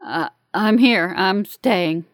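A woman's voice: medium pitch, normal speed, dry recording, clean studio sound, natural voice. A woman voicing an injured, dazed man trapped in smoke, who speaks weakly and falters between coughs. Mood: faint.

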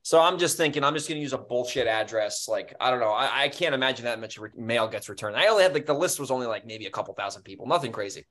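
A man co-hosting a podcast, telling stories in casual chat with animated, profane energy. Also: medium pitch, quick pace, hardly any pauses. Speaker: podcast co-host.

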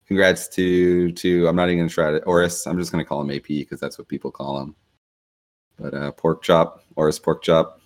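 Very low-voiced man hosting a casual chat. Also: level tone, brisk. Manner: loose, rambling, full of fillers. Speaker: podcast host.

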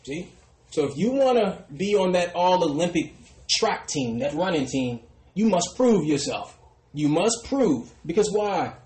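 A man preaching a sermon who often trails off into a soft "brothers and sisters". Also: sits high, animated, a little slow, roomy sound, low-quality recording. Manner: ends phrases with a dropping, quiet "brothers and sisters". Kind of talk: street sermon.

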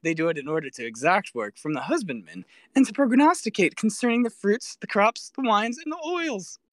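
A man reading the lines of a proud, defiant high priest in a formal, declamatory way. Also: very animated, brisk, fairly bright tone, slight background noise.

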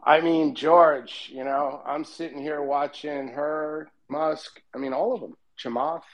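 A man's voice: fairly high pitch, steady tone, measured pace, dry recording. A man speaking as a guest on a casual panel, rambling and emphatic, packing his talk with "you know" and "I mean".

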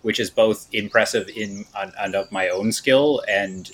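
A man with a low voice plays a tabletop game and talks playfully about what his character does. A faint noise sits under his voice. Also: measured pace, a bit bright. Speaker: player. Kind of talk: casual chat during a tabletop game.

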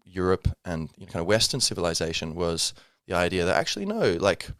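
A man's voice: low-pitched, big pitch swings, fast talker, fairly bright tone, dry recording, clean studio sound. A man hosting a casual solo podcast, rambling with many fillers and self-corrections. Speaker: podcast host.

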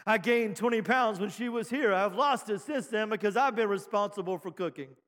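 A high-voiced man preaching in a church, his words ringing with a long hall reverb. He is a middle-aged pastor who builds to shouts, calls out "amen" and jokes with the people before him. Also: fairly quick. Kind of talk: sermon. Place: church sanctuary.

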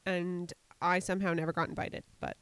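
A woman's voice: lowish voice, a little fast, smooth, no room sound. Blunt, joking young American woman. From United States. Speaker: podcast co-host. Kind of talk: casual chat.

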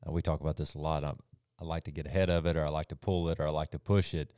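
A man's voice: rumbling low, fairly even intonation, racing, mellow, smooth, no echo, clean studio sound. A man speaking earnestly and reflectively in a casual faith discussion. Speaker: group discussion member.

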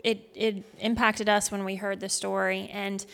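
A woman's voice: medium pitch, flat delivery, moderate pace, gravelly, fairly bright tone. Woman telling a heartfelt worship story. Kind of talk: devotional teaching talk.

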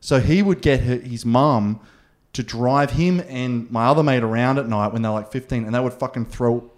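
A young man rambles through stories in a casual chat and swears freely. His voice sits at an ordinary mid pitch. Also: moderate pace.

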